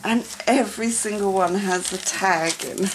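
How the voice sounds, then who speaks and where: A woman's voice: mid-range voice, a little slow, noisy background. A woman vlogger unboxing gifts at home, gushing with overwhelmed exclamations and stammering restarts.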